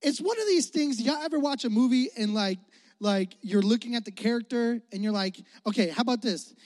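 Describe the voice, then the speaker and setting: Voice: medium pitch, lively intonation, a little fast, a little mellow. A youth pastor preaching with a casual, joking manner, calling for responses from the crowd and laughing often. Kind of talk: energetic sermon. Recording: long hall reverb.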